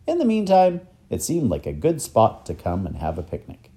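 Kind old professor in a storybook, read by a man, low mellow voice, gentle explaining. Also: huge pitch swings, moderate pace. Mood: cheerful. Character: kindly older male professor, warm and learned.

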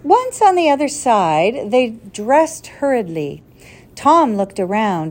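Woman storyteller, children's adventure read-aloud, expressive and deliberate, slow, very lively pitch, fairly high.

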